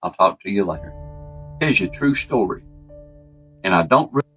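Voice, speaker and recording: A man telling a true story in a folksy, animated way, acting out the voices he quotes. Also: fairly low pitch, normal speed, faint music behind. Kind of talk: casual spoken storytelling.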